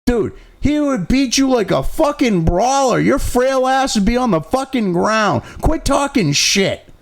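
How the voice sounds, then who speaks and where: A man's voice: very high voice, animated, a little slow, vocal fry. A middle-aged man hosting a political commentary show, ranting angrily and sarcastically with constant profanity. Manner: angry, profanity-laden, sarcastic.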